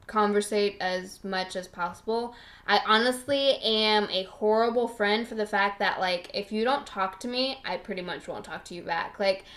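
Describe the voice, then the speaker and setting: Bright-voiced young woman rambling casually. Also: a little high. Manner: rambling, heavy on "like" fillers, swears casually. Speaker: podcast host. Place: at home, at a partner's computer.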